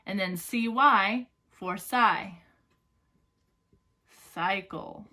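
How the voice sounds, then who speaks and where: A woman teacher runs an online phonics and dictation lesson at a notably slow, unhurried pace, stretching out each word. Her pitch sits in an ordinary middle range, and her tone is bright and forceful. She checks in often with "right?" and "okay?"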